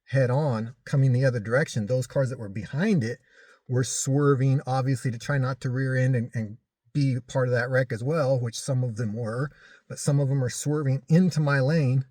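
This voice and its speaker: A man casually recounting a personal story in halting speech, full of restarts and fillers. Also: mid-range voice, darkish tone, dry recording, clean studio sound. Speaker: vlogger recounting a crash.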